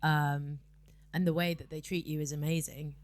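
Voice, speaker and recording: Chatty woman DJ, low voice. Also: little pitch movement, moderate pace. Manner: chatty, lots of fillers and repeated yeahs. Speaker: guest DJ. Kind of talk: casual podcast chat.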